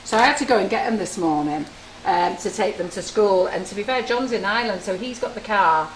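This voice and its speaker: A chatty woman demonstrating baking on a livestream tells jokey stories and teases viewers while she works in a home-style kitchen studio. She speaks a little fast in a mid-range voice. The sound is roomy and low quality, with a little hiss or hum.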